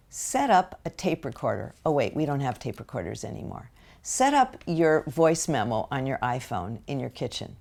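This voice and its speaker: An older American woman lectures parents in a slow, deliberate way, sometimes acting out what parents say. Her voice sits low and carries a gravelly edge. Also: a little mellow. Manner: slow deliberate delivery with acted-out parent quotes. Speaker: parenting educator.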